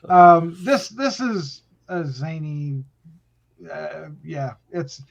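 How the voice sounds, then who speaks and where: A man's voice: on the high side, lively intonation, drawn-out words, gravelly. A man hosting a casual film review podcast, laughing along and steering the panel with short questions. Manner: laughs along, brief agreeing interjections. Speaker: podcast host. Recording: dull lo-fi podcast audio.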